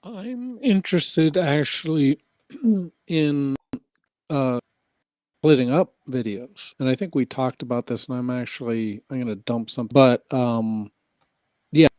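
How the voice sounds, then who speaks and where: A man speaking slowly and hesitantly in a casual chat. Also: medium pitch, a little mellow, no room sound, studio quality. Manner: slow, hesitant.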